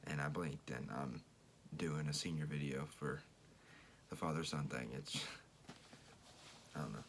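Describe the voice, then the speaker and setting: Young man, extremely deep and gravelly, reflective tribute, faint rumbling hiss behind. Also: steady tone, unhurried. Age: young adult. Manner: reflective, searching for words. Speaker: senior athlete thanking his father. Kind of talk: emotional tribute speech.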